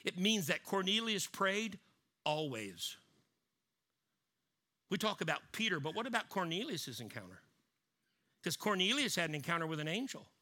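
A man preaching a sermon, swinging from loud emphatic lines down to low, hushed ones. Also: sing-song, normal speed, long pauses. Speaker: pastor.

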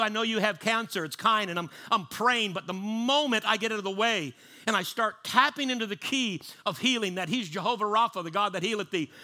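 A man's voice: high voice, bright, forceful tone. A man preaching a sermon in a conversational way, often repeating and restarting his words. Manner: conversational, repeats and restarts, acts out panicked voices.

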